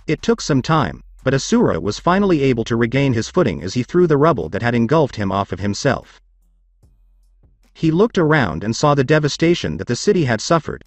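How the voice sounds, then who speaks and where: A man narrating a scripted story in a steady storytelling read. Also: medium pitch, dry recording.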